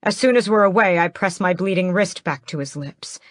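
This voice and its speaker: A woman narrating a first-person fantasy audiobook in a measured, steady way, close to the mic. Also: on the low side, no room sound.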